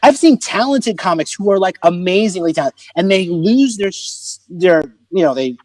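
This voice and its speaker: Comedian guest, male, expressive storyteller, high animated voice on a dry close mic. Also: moderate pace, dry recording, low-quality recording. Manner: expressive, laughing often, acts out voices in his stories. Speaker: comedian and motivational speaker, podcast guest.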